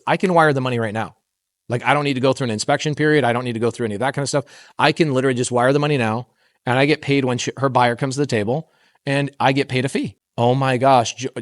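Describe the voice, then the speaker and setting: A middle-aged man speaking from a stage at a real estate summit, an animated storyteller who acts out the dialogue in his tales and keeps quizzing the crowd. His voice sits at an ordinary male pitch, and the recording is dry and close, with little room sound. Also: dry recording. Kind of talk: motivational stage talk with told stories.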